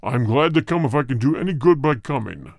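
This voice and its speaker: A man voicing a male spirit who speaks through a medium, with a deep, cold, hard voice and a terse, aloof manner, in an audiobook reading. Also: sing-song, fast talker, gravelly, no room sound, studio quality. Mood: cold, solemn.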